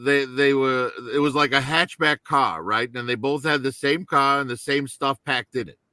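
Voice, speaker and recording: Man, casual chat, bright tense voice, dry close sound, keeps asking right?. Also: medium pitch, moderate pace, no echo. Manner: storytelling with frequent "right?" tags.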